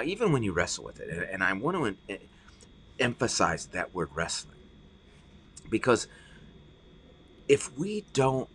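A man's voice: on the low side, a bit bright, breathy edge. A middle-aged man preaching a podcast sermon as pastor, earnest and often repeating words as he stresses a point.

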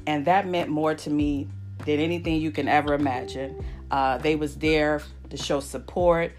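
Low-voiced heartfelt woman host. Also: fairly even intonation, normal speed, a little mellow, faint music behind. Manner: emotional, repeats phrases, folksy. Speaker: podcast host. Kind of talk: heartfelt casual chat.

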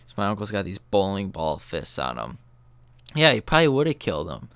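Brief: young male podcast host, low voice, smooth and resonant, rambling and profane. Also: huge pitch swings, brisk, fairly bright tone, dry recording. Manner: loose, profane, filler-heavy talk. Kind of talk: casual rambling storytelling.

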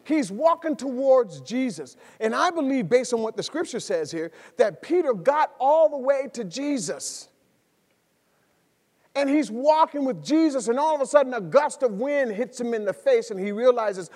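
A man preaching a sermon as pastor, swinging between soft storytelling and loud, excited delivery. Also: very high-pitched, normal speed, in a large hall. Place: church sanctuary.

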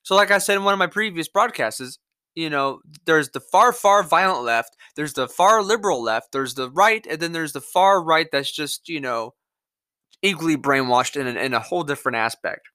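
Young southern guy from mississippi ranting on his podcast, swears a lot, tense sharp voice, bit high, dry sound. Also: expressive, normal speed, no room sound. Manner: angry, profane, rambling with restarts. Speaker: podcast host. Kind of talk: political rant monologue.

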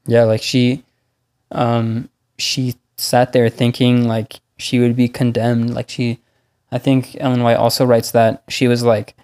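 In a laid-back conversation about faith, a man talks with a mid-range voice at a slightly slow pace. He's relaxed and drops "like" into his sentences constantly.

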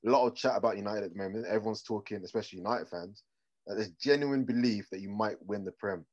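Low-voiced, laid-back man. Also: fast talker, lo-fi sound. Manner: relaxed, rambling storyteller. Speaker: podcast co-host. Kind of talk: casual sports chat.

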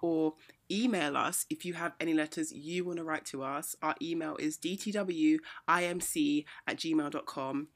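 A woman's voice: low voice, fairly even intonation, normal speed, a little hiss or hum. A young woman in her twenties co-hosting a podcast, chatting playfully and laughing often. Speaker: podcast co-host. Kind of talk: casual chat.

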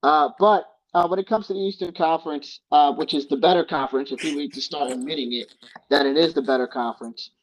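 A man's voice: on the high side, fast talker. A man co-hosting a podcast, talking casually about basketball and assertively cutting in to take his turn. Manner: assertive, cuts in to take over. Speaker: podcast co-host. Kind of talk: casual sports chat. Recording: dull lo-fi sound.

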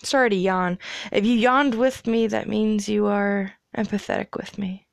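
A young woman hosting her own podcast, rambling about her life in a relaxed, profane way with lots of fillers. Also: mid-range voice, moderate pace, creaky, dry recording, clean studio sound. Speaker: podcast host. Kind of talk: casual solo chat.

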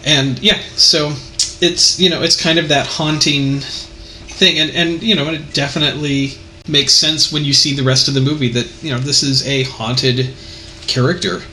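A man's voice: on the high side, fairly even intonation, normal speed, pushed and bright, a little hiss or hum, poor audio. A man in casual conversation about a movie, speaking thoughtfully and hesitantly with many fillers. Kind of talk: casual film discussion.

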